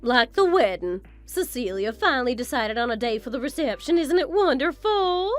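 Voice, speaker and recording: A woman's voice: on the high side, lively intonation, a little fast, a bit bright, faint music behind. A woman playing a haughty, scornful mother-in-law. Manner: condescending, boastful, theatrical. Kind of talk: scripted story narration drama.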